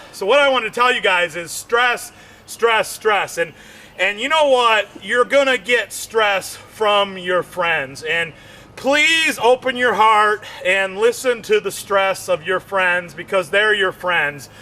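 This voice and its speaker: A middle-aged man with a strikingly high, piercingly bright voice performs a stand-up comedy routine. He talks slowly and rambles, repeating himself and leaning on fillers. He acts out lines in a theatrical, exaggerated way.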